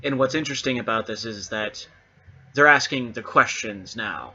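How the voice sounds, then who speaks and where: A man's voice: medium pitch, moderate pace, pushed and bright, slightly rough, lo-fi sound. A man hosting his own channel, delivering a sarcastic, emphatic monologue straight to the camera. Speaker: channel host.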